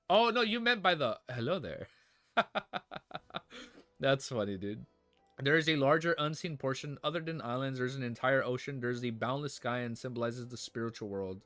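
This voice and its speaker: A man streaming live, reading a novel aloud haltingly and breaking off to joke and react to it. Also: mid-range voice, fairly bright tone, no room sound.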